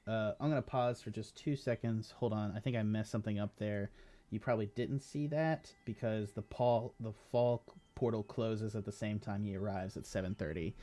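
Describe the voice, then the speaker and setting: A man's voice: fairly low pitch, steady tone, normal speed, mellow. A man running a tabletop game as game master, narrating with frequent fillers and self-corrections.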